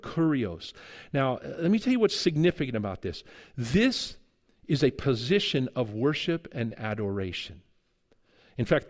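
A middle-aged male pastor giving a conversational sermon, telling stories and acting out the dialogue in them. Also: mid-range voice. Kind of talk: sermon with storytelling.

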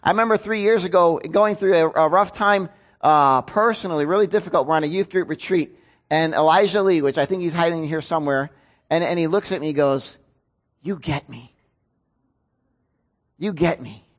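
A pastor preaches in a casual, conversational way, tossing questions out to his congregation. His voice sits on the high side for a man, and he pokes fun at himself as he talks. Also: fairly quick. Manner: conversational, self-deprecating, asks the congregation questions. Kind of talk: sermon.

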